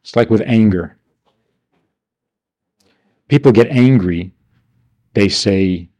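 A man's voice: on the low side, slow, pauses often, mellow. A man teaching a class, asking rhetorical questions and answering them himself with wry, mock-indignant asides. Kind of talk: class lecture.

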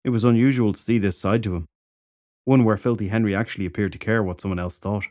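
Male audiobook narrator, lowish voice, dry close sound, steady pacing. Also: fast, no room sound.

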